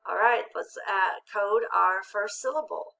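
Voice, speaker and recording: A woman teacher giving a patient, encouraging phonics lesson, sounding out syllables slowly and clearly. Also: medium pitch, fairly bright tone, slight background noise, rough recording.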